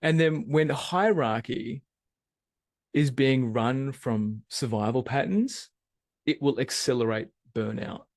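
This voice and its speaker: A man's voice: medium pitch, takes it slowly, no room sound, clean studio sound. A man giving a live webinar talk, asking the audience questions and posing them as he goes. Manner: animated, asks the audience questions. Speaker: webinar presenter.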